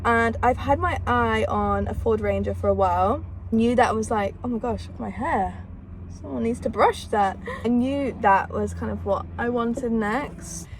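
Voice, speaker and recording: A young woman vlogging casually, her voice a little hoarse after being ill, talking in a chatty, bubbly way. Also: on the high side, a little hiss or hum. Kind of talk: casual vlog chat.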